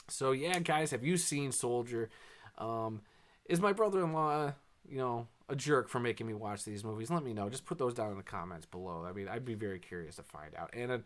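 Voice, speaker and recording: A man reviews a movie in a loose, unscripted way. He rambles, drops lots of fillers, and keeps a dry, sarcastic edge. He often sighs or laughs, and his voice sits at a middle pitch. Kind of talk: casual spoken review.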